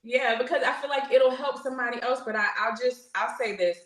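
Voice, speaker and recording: A woman's voice: a little high, fairly quick, a crowd in the background. A woman in her forties, a guest on a podcast, tells a personal story in an earnest, open way, with many fillers and restarts. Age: 40s. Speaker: podcast guest, military veteran. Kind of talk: candid personal storytelling in conversation. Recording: roomy echo.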